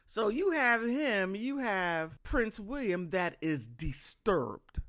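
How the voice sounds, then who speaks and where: A woman's voice: mid-range voice, big pitch swings, slow pace, fairly bright tone. An American woman giving casual, sarcastic commentary, often laughing. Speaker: vlogger.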